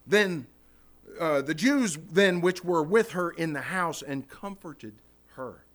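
A man's voice: on the high side, animated, takes it slowly, a bit bright. A man preaching a sermon in church, impassioned, acting out prayers and calling the congregation "guys.".

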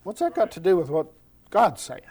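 High-voiced preacher telling folksy stories. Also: male voice, fairly quick. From America. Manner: storytelling, animated, folksy asides. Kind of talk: sermon. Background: congregation responding.

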